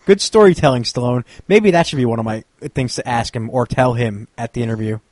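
A man's voice: medium pitch, a little fast, darkish tone, no echo. A man co-hosting a podcast, bantering casually and joking, with frequent stammered restarts. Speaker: podcast co-host.

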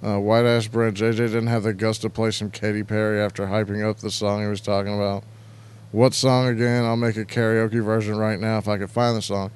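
A man's voice: on the low side, flat delivery, fairly quick, smooth. A man hosting an internet radio show, chatting casually and crudely, rambling and reading out chat messages. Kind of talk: casual live-stream chat.

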